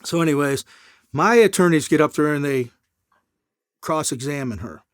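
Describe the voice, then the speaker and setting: A middle-aged man telling a long story as an interview guest, in a casual, animated way, acting out the people in it. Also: a little high, normal speed, smooth, dry recording, studio quality.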